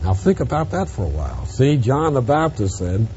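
A man preaching an expository Bible lesson, emphatic, rising on stressed words and dropping quiet on asides. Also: medium pitch, big pitch swings, fairly quick, hardly any pauses, muffled recording, a little hiss or hum. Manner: emphatic, swings from loud stresses to quiet drops.

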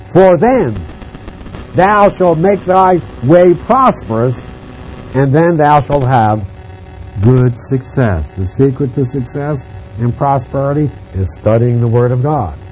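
A man preaching a Bible-teaching sermon, reading scripture aloud in a slow, deliberate manner. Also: mid-range voice, lively intonation, a little mellow. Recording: dull lo-fi sound with mains hum and faint music.

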